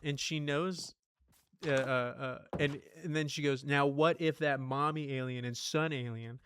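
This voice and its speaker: A man's voice: mid-range voice, steady tone, measured pace, fairly bright tone, a little hiss or hum. A young man casually talking over a game, telling a story in a loose, rambling way full of swearing and "dude". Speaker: gaming streamer. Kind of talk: casual gameplay commentary with storytelling.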